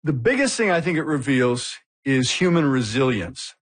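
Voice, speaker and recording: A man speaking as an interview guest, reasoning in a thoughtful, measured way. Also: mid-range voice, sing-song. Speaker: humor researcher guest.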